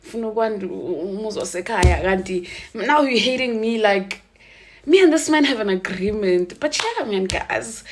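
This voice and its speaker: A woman with a South African accent telling a casual storytime, animated, switching between English and isiZulu and laughing often. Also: mid-range voice, normal speed, a little hiss or hum.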